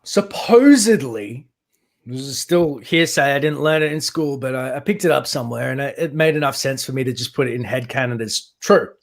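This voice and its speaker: A man with an Australian accent chatting casually on a live stream, animated and teasing, swearing freely. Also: medium pitch, normal speed, creaky. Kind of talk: casual chat.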